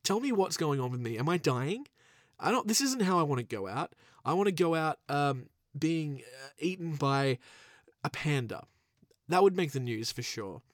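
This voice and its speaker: A man's voice: on the high side, big pitch swings, normal speed, no room sound, studio quality. A man with a nasal voice, coming down with a cold, hosting a casual podcast in a rambling, self-deprecating way with lots of fillers. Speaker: podcast host.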